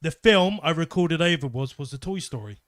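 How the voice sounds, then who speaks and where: A man's voice: on the high side, animated, fairly quick, fairly bright tone. A man co-hosting a podcast, chatty and laughing as he tells a story. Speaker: podcast co-host. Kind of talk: casual chat.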